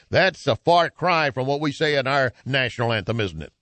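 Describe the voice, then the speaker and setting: A man's voice: mid-range voice, animated, normal speed, hardly any pauses, fairly bright tone, no room sound. Emphatic male talk host, dry sound. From United States. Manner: emphatic, reads article passages aloud. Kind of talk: opinion commentary.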